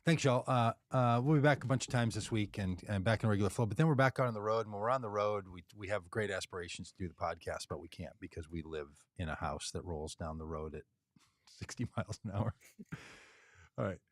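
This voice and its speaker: A man's voice: fairly low pitch, a little fast, no room sound, studio quality. A man co-hosting a casual political podcast, talking in a rambling, chatty way and laughing at himself. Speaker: podcast co-host.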